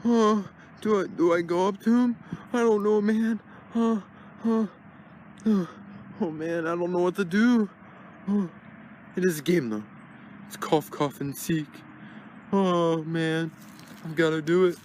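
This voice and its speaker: A man's voice: sits high, measured pace, pauses often, darkish tone, a little hiss or hum, voice pushed up. A man voicing Ted, a dim-witted, mischievous teddy bear in a plush toy comedy, talking in a frantic, stammering dither. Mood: jittery.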